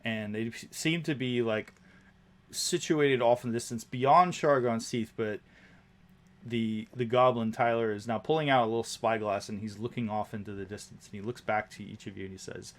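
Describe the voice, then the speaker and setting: A man narrating as game master, describing scenes slowly with frequent fillers and restarts. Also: medium pitch, steady tone. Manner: descriptive, halting, many fillers.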